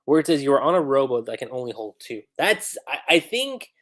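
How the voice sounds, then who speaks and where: A man's voice: medium pitch, sing-song, a little fast, a bit bright. Chatty man streaming comic commentary. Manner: chatty, laughing asides, thinks aloud. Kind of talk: livestream commentary.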